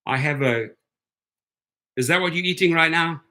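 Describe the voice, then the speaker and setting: A man hosting a casual livestream for gig drivers, chatty and excitable, reading viewer comments aloud. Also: on the high side, unhurried.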